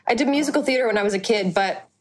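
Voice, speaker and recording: A woman's voice: a little high, rapid-fire. A young woman chatting as a podcast guest, enthusiastic and talkative. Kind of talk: casual chat.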